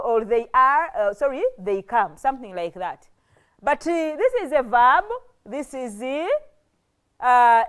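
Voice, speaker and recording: A woman giving a televised classroom lesson as a teacher, explaining slowly, repeating herself and often checking with "okay?". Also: on the high side. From Uganda. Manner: slow, repetitive explaining, with frequent restarts and "okay?" checks. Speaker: English teacher.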